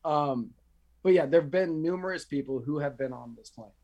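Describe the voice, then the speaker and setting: A man's voice: a little high, moderate pace, darkish tone. A man co-hosting a casual news chat, joking as he works through his notes. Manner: chatty, joking, reads from notes. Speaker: podcast co-host.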